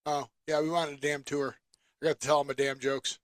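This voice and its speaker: A man's voice: a little high, flat delivery, fairly quick, dry recording. A man co-hosting a casual podcast chat, joking around and pressing his co-host with teasing questions.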